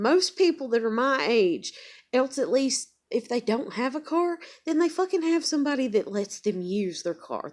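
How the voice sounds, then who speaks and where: Young woman venting on her vlog, swears a lot, rises in heat as she goes. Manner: blunt, heavy swearing, venting; gets louder and higher when angry. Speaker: vlogger. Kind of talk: casual rant to camera.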